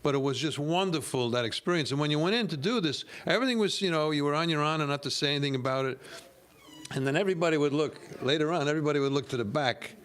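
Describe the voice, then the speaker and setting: An older man, an actor guest, calmly recalling old times and chuckling now and then. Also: on the high side, fast talker. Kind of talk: casual reminiscing.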